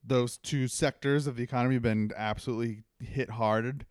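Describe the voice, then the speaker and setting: A man's voice: medium pitch, a little fast, dry recording, studio quality. Laid-back man podcast co-host. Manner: relaxed, agreeable, plain-spoken. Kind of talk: casual chat. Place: Los Angeles.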